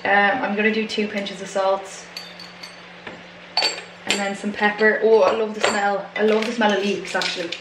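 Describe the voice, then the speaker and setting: A woman's voice: medium pitch, noisy background. A woman in her twenties with an Irish accent, rambling casually as she cooks and chats to camera. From Ireland. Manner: rambling, chatty, many fillers and asides. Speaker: vlogger. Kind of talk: casual chat while cooking. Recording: echoey room.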